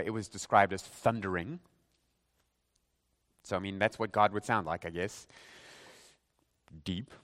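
A man preaching a sermon in an animated way, asking rhetorical questions and acting out mock quotes. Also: lowish voice. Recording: reverberant hall.

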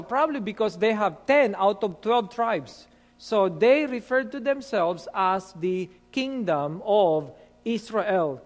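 A man preaching as a pastor, reading scripture verses deliberately and explaining them with frequent fillers. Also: high voice, big-room sound. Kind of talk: Bible teaching sermon.

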